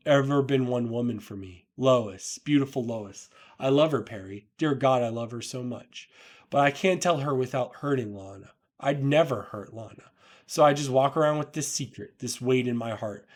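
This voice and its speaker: A man's voice: medium pitch, a little mellow, natural voice. A man reading the part of a male superhero who confesses a hidden love in an earnest, heartfelt way.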